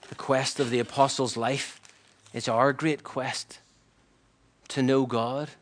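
A man preaching a sermon in an earnest, reflective way, often dropping to a hushed near-whisper. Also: mid-range voice, flat delivery, slow pace.

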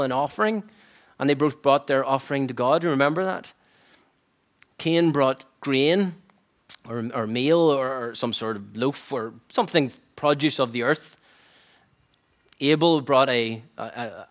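A man preaching a sermon in an earnest, reflective way, often dropping to a hushed near-whisper. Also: medium pitch.

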